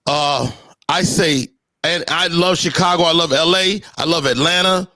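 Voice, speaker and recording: A man's voice: on the high side, normal speed, bright, forceful tone, no room sound, studio quality. A man hosting a comedy podcast, joking and teasing his guests in casual banter. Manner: joking, teasing, drops into sing-song lines. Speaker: podcast host.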